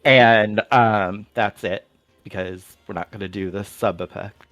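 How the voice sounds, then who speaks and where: A man's voice: lowish voice, steady tone, a little slow, a bit bright, lo-fi sound, soft background music. A man playing a tabletop game, describing his character's actions hesitantly and with many fillers. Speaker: player.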